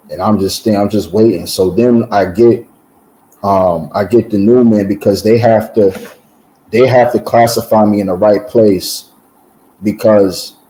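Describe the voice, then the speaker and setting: A man's voice: fairly low pitch, warm tone, poor audio. A man giving a personal testimony in casual conversation, telling his story with repeated words and acted-out voices.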